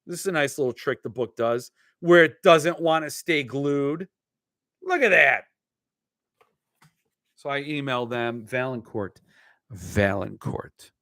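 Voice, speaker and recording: A man's voice: fairly high pitch, lively intonation, unhurried, pauses often, sharp tone, no room sound, studio quality. A man hosting a casual book live stream, joking and rambling in a self-mocking way.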